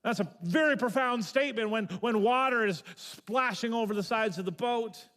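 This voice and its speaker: A man pastor preaching a sermon, telling the story in an animated way and repeating words as he builds. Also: very high-pitched, moderate pace. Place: church sanctuary. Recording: long reverb of a church hall.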